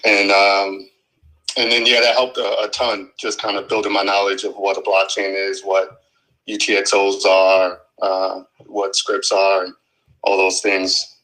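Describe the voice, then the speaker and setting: A man casually telling how he got into software development, with lots of fillers and restarts, on an audio chat app stream. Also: low voice, measured pace, rough recording. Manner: relaxed, rambling with many fillers. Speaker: guest developer.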